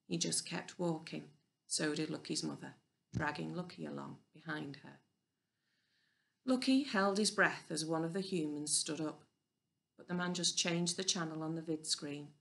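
A woman reading a children's novel aloud in a clear, even storybook narration. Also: low-pitched, moderate pace, slight background noise. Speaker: audiobook reader.

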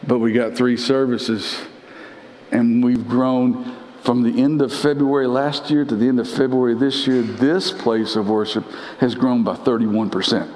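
A male pastor giving a conversational live sermon, repeating phrases and climbing in pitch to press his points. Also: steady tone, unhurried, darkish tone, a little hiss or hum. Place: church sanctuary. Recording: roomy church with long reverb.

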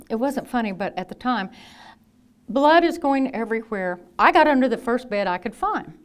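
Storytelling nurse, higher-pitched woman. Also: moderate pace. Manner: lively anecdotal storytelling with acted quotes. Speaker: nurse and speaker. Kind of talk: storytelling talk.

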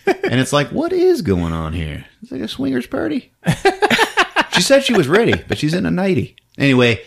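A man with a slightly high voice tells a movie story for laughs. His pitch leaps all over the place as he jumps between characters, and he keeps breaking into laughter. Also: normal speed, gravelly. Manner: animated, laughs often, acts out characters. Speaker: podcast host recapping a film. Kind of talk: comedic movie recap.

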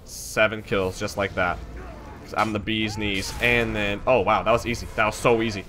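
A man's voice: fairly low pitch, little pitch movement, normal speed, bright, forceful tone, slight background noise. A young man streaming a video game, reacting with exasperated, swearing running commentary. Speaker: gaming streamer. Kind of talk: let's play commentary.

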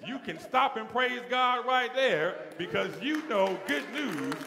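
A man's voice: very high-pitched, animated, slow, creaky, roomy sound, long reverb tail, music in the background. A man preaching as the pastor of a church, building his sermon with repeated phrases that swell in intensity. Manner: preaching with rising call-and-response intensity. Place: large church sanctuary.

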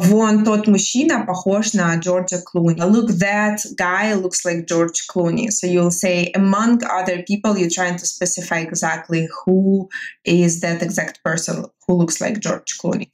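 A woman with a Russian accent, a native Russian speaker, teaching a language lesson. She speaks slowly and carefully, repeating each Russian word and then translating it. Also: mid-range voice, darkish tone.

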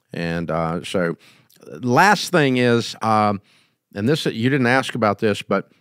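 A man's voice: fairly low pitch, no echo, clean studio sound. Folksy man giving business advice. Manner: folksy, emphatic, acts out quoted scenes. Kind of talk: casual advice talk.

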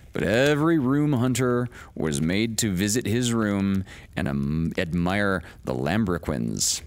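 A man hosting a story show, reading classic short stories aloud in a measured storytelling manner with the odd casual aside. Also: deep voice. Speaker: storyteller host.

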